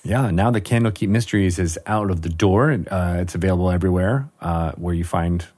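A man hosts a podcast in relaxed, friendly chat. His voice sits a little low, and he rambles, leaning on lots of fillers as he goes. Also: brisk. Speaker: podcast host. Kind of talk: casual chat.

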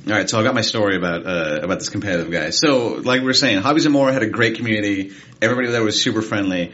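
A man's voice: fairly low pitch, rapid-fire, dull audio. A man co-hosting a podcast, telling a casual story and acting out what people said. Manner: animated anecdote telling with quoted voices. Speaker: podcast co-host.

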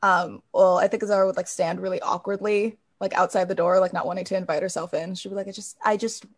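A woman's voice: lowish voice, little pitch movement, fast talker. A woman player in a tabletop game, casually describing what her character does. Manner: casual, upbeat describing of actions.

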